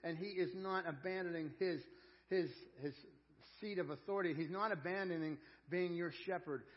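A man preaching a sermon as a pastor. He is earnest and folksy, repeats words as he searches for them, and swings between loud emphasis and quiet intensity. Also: sits high, moderate pace. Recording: dull lo-fi church audio.

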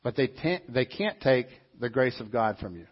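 Male pastor, sermon, husky and slightly high, animated with repeated lines, dull lo-fi recording. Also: normal speed. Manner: animated preaching with mimicked voices and repetition. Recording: dull lo-fi sound.

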